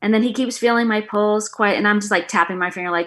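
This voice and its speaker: Animated middle-aged woman telling a story. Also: mid-range voice, fast. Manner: animated storyteller, acts out quoted dialogue. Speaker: guest, author and former acupuncturist. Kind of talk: casual storytelling interview.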